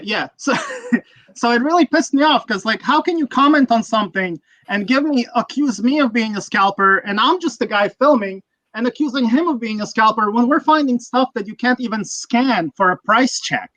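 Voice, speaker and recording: Male streamer, crisp bright tone, dry mic, foul-mouthed and rambling. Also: very high voice, dry recording, low-quality recording. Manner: profane, ranting, rambling. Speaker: livestream host. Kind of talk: casual livestream chat.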